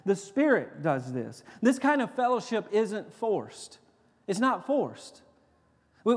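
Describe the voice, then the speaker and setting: High-voiced preacher in a reverberant hall. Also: male voice. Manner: earnest preaching with repeated restarts, dropping to quiet intensity. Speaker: pastor. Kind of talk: sermon. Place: church sanctuary. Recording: long reverb of a church hall.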